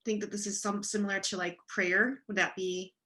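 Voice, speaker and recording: A woman's voice: mid-range voice, flat delivery, normal speed, sharp tone. A woman hosting a podcast, asking clarifying questions and restating the guest's points back. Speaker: podcast host. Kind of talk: podcast interview.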